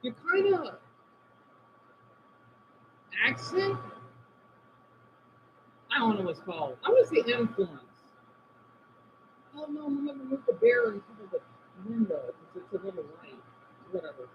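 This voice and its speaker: A man talks casually to his live-stream viewers from home, his voice high and swinging widely in pitch. He answers comments one by one and lets his sentences drop away quietly. The audio is dull and lo-fi, with a faint background hiss. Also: huge pitch swings, measured pace, long pauses. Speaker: livestream host reading chat. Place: indoors at home by a window.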